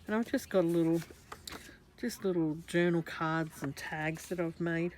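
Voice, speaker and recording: A woman's voice: fairly low pitch, moderate pace, a little mellow, a little hiss or hum. A woman with an Australian accent, chatting casually through a craft journal flip-through, meandering and often correcting herself. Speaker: craft vlogger.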